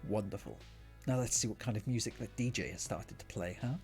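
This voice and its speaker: A man's voice: lowish voice, a little fast, soft background music, natural voice. A streamer voicing a kind, earnest young rich man who drops French words. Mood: gentle. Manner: gentle, earnest, light French flourishes.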